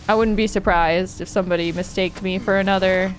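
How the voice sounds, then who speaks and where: Her voice is mid-range and fairly quick with fairly even intonation, over slight background noise. She's a streamer with a Californian Valley Girl accent, chatting casually while gaming, laughing often and filling her speech with "like" and "oh my God".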